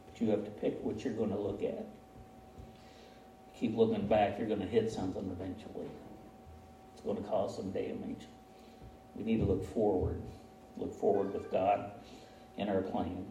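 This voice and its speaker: A pastor speaks at a moderate pace in a flat, mellow, lowish voice, pausing often as he gives a folksy, conversational sermon and chuckles at himself now and then. The echoey church hall recording was picked up from afar and has slight background noise.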